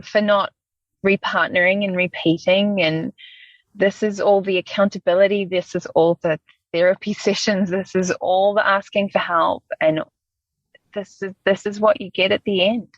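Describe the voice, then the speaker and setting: A woman's voice: mid-range voice, dry recording, lo-fi sound. A middle-aged woman, a podcast guest, speaking openly and reflectively about her personal life, with frequent ums. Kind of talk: candid personal storytelling.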